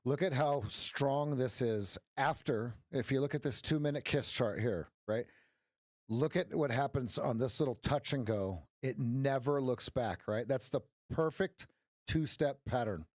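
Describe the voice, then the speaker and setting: A man coaching viewers through live trades on a stream, energetic and direct, his voice starting to go hoarse. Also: medium pitch, a little slow, no room sound, clean studio sound. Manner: energetic, talks straight to viewers with frequent "right?". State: losing his voice. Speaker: trading coach. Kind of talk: live-stream trading commentary.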